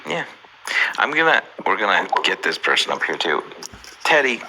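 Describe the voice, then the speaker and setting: A man's voice: sits low, big pitch swings, moderate pace, bright, forceful tone, a little hiss or hum, poor audio. A man hosting a casual chat, joking loosely and swearing now and then. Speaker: host.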